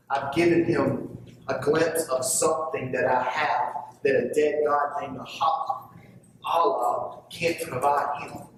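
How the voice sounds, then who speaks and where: A man preaching a sermon as pastor, swinging from loud emphatic lines to hushed asides. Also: medium pitch, noisy background. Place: church sanctuary. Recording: echoey church heard from far off.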